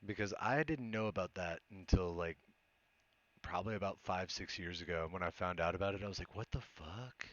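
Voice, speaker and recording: A man's voice: deep voice, brisk, fairly bright tone, lo-fi sound. A young man casually commenting on a game he is playing live, joking around and swearing freely. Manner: laid-back, joking, swears, frequent laughs. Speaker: streamer.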